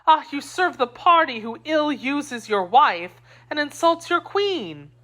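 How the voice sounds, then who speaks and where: A woman's voice: on the high side, big pitch swings, measured pace, a bit bright, voice pushed up. A woman voicing a spirited young wife loyal to her queen, indignant and scornful, in an audiobook reading.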